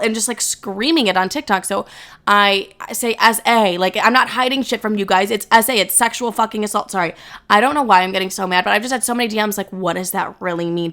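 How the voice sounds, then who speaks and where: A woman's voice: medium pitch, a little fast, bright, forceful tone. A young woman hosting her own podcast, talking casually and candidly to her listeners and swearing freely. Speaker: podcast host. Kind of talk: casual solo podcast talk.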